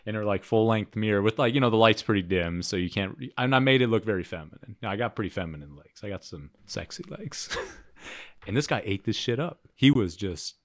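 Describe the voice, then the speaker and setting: A man's voice: fairly low pitch, animated, a little fast, no echo. A young man co-hosting a podcast, telling a story with frequent laughter and profanity in casual chat. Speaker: podcast co-host.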